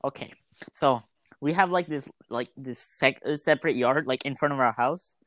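A man's voice: medium pitch, normal speed, a bit bright, dry recording. A young man co-hosting a casual podcast, laid-back with slang and frequent laughter. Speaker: podcast co-host. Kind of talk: casual chat.

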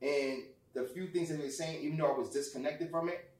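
A man tells a personal story in casual, profane talk and acts out the people in it. His voice sits a bit high for a man. He is heard from off the mic, and the room echoes around him. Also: fast, far from the mic. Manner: animated, profane, acts out quotes loudly. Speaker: guest.

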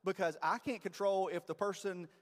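A man's voice: high-pitched, normal speed. Conversational man preaching in a reverberant church. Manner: conversational, self-deprecating, animated. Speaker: pastor. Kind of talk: sermon. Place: church sanctuary.

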